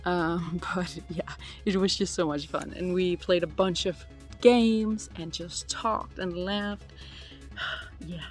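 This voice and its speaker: A woman's voice: fairly low pitch, steady tone, slow, faint music behind. Giggly chatty woman in her twenties. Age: 20s. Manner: chatty and giggly, full of "like" fillers. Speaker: vlogger answering viewer questions. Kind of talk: casual chat. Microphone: phone.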